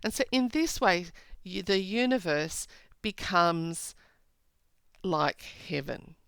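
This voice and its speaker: A woman teaches a poem at an unhurried, deliberate pace, with a gravelly edge and a fairly low voice. Her tone is smooth and clear, and she sounds close to the microphone in a dry space. She keeps returning to the lines she is quoting. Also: expressive, fairly bright tone, no room sound, poor audio. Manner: slow, deliberate, rereads lines aloud. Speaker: English teacher. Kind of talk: poetry analysis lecture.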